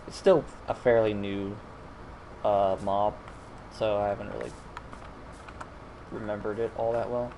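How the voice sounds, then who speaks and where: A man's voice: on the low side, steady tone, a little slow, pauses often, noisy background. A man streaming a video game, rambling in casual commentary with frequent self-corrections and mild exasperation. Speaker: gaming streamer.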